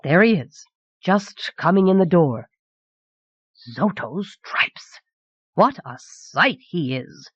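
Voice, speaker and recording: A woman's voice: fairly low pitch, lively intonation, a little slow, no echo. A woman voicing a jovial nobleman and doting uncle who speaks heartily, on a dull, dry old cassette recording. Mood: hearty.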